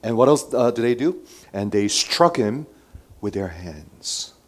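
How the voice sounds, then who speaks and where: A man's voice: mid-range voice, animated, a little slow. Man preaching with big swings in volume. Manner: dramatic swings between loud emphasis and quiet asides; asks the listeners many rhetorical questions. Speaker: pastor. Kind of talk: sermon.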